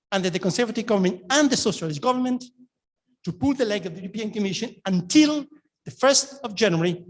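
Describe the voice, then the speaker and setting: A middle-aged man with a Spanish accent giving an academic lecture, telling the story with lively quoted dialogue. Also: high voice. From Spain.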